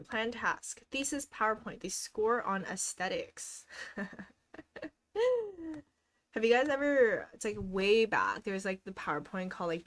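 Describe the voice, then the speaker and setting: A woman's voice: mid-range voice, fairly bright tone. A young woman hosting a casual live stream, cheerfully encouraging viewers and reading out their goals with frequent giggles. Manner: giggles often between remarks. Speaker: livestream host.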